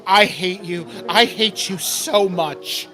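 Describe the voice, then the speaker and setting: A man voicing a crude, jolly male gnome barkeep who speaks loudly and bawdily. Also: sits high, takes it slowly, soft background music, heavily acted. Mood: rowdy. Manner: boisterous, bawdy, laughing.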